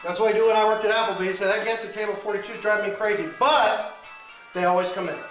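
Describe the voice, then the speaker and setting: A male comedian doing crowd work, teasing audience members with animated banter at a live show. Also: sits high, quick pace, faint music behind. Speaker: stand-up comedian. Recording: echoey room, mic far, loud crowd.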